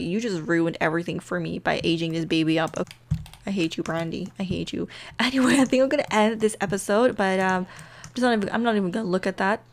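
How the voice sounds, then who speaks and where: Giggly young woman, chatty game commentary, excitable, medium voice. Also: mid-range voice. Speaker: gaming video creator. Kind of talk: casual let's-play commentary.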